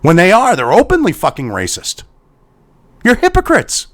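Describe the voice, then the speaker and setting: Male commentator, exasperated profane ranter with a swooping, animated delivery. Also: sits high, normal speed. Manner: swearing heavily, exasperated, sighing. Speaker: commentary host. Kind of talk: angry profane commentary rant.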